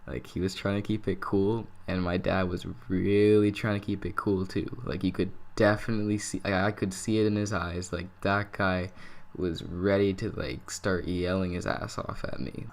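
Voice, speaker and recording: A man's voice: low-pitched, steady tone, moderate pace. A young man telling a personal story in a casual, rambling vlog style, swearing freely and filling nearly every phrase with "like.". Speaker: vlogger.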